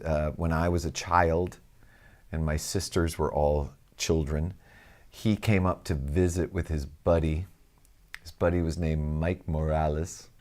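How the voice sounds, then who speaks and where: A middle-aged man co-hosting a podcast in casual banter, joking and often slipping into put-on voices. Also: extremely low pitch. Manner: jokey, animated, breaks into put-on voices and laughs. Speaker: podcast co-host.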